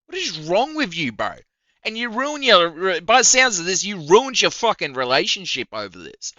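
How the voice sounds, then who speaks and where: A man's voice: sits high, big pitch swings, moderate pace, bright, forceful tone, no room sound, highs cut off. A man doing a heated, profane reaction rant on his stream. He sounds incredulous and mocks what he hears, with short laughs. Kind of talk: ranting reaction commentary.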